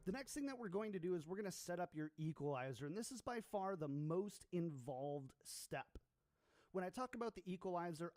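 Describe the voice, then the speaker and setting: A man walks a live-stream audience through audio settings in a methodical, step-by-step way. His voice sits a bit higher than most men's. A loud, steady hiss of noise runs under every word. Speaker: streamer explaining audio setup. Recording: heavy background noise.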